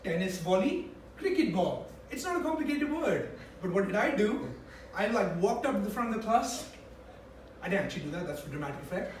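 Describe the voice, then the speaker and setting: A young man from India with an English accent that still carries some Indian traces, performing a swearing, animated stand-up set for a few friends. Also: high-pitched, a little fast, slight background noise. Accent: Indian-English, mostly English. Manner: animated, acting out voices, swearing. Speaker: stand-up comedian. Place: small room with a few friends. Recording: echoey room from a far mic, faint ambience.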